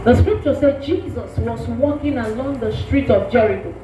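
A woman's voice: a little high, moderate pace, warm tone. A woman preaching a sermon, asking the congregation to finish her lines. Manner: call-and-response, asks the congregation to finish lines. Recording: echoey, from a distance, with faint music.

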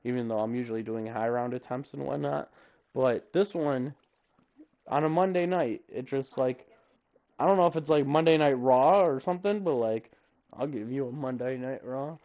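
A man's voice: medium pitch, normal speed, narrow, tinny audio. A man live-streaming a game, chatting casually and rambling through jokes as he waits on something in the game. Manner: rambling, joking, self-talking.

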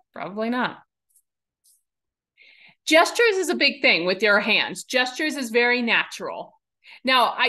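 High-voiced, enthusiastic woman coach. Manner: enthusiastic, animated, emphatic. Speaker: public speaking coach. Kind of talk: webinar presentation.

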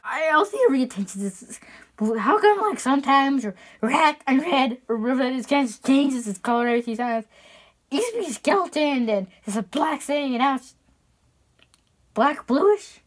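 A woman hosts her own online show, chatting casually in a rambling, profane vlog style and frequently restarting her sentences. Her voice is high-pitched and animated, at a normal speed.

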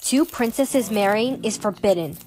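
A woman's voice: mid-range voice, normal speed, lightly acted. A synthetic female text-to-speech voice playing a commanding queen mother in a story, with music behind. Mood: stern. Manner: flat synthetic delivery. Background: background music.

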